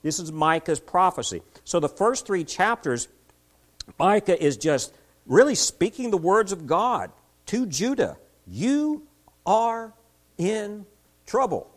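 A man's voice: high voice, sing-song, measured pace. A middle-aged man preaching a midweek church sermon in a conversational way, often asking the congregation rhetorical questions. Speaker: pastor. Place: church service.

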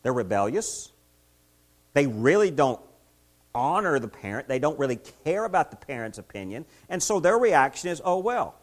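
Middle-aged pastor with a lively voice. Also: male voice, on the high side. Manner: conversational, asks the congregation rhetorical questions. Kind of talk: midweek sermon. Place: church service.

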